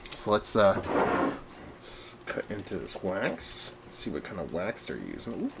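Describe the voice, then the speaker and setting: A man's voice: low voice, unhurried, gravelly, heavy background noise. Chatty man hosting a beer review. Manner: chatty, rambling, self-mocking, animated. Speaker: beer reviewer, show host. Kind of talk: casual beer review vlog. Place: at home, indoors.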